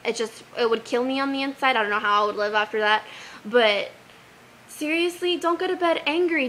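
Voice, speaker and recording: A young woman giving earnest advice in a casual vlog, animated and sincere, quoting scripture now and then. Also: sits high, poor audio. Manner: earnest, animated, quotes Bible verses.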